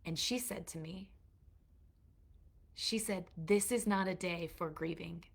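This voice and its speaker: A woman's voice: on the low side, slow, creaky, husky. Earnest woman teaching mothers with faith. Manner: earnest and confessional, checks in with her listeners. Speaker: course teacher and mentor to mothers. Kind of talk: heartfelt faith-based teaching to a live online group.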